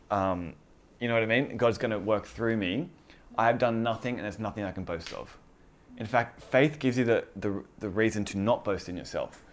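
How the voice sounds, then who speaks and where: A man with a fairly low voice gives an informal sermon to a small group. He talks earnestly and conversationally, restarting phrases and repeating key words as he goes. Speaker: pastor.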